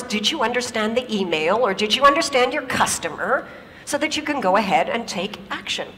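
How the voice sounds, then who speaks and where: A native English-speaking woman giving a lively stage talk, telling stories and putting questions to the audience. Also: a little high, brisk, in a large hall, slight background noise.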